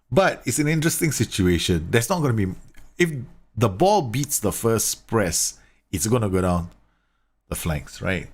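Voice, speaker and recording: Chatty man breaking down game tactics. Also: lowish voice. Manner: chatty, explains to viewers, laughs at own slips. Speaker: gaming YouTuber reviewing tactics. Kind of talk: casual football game tactics commentary.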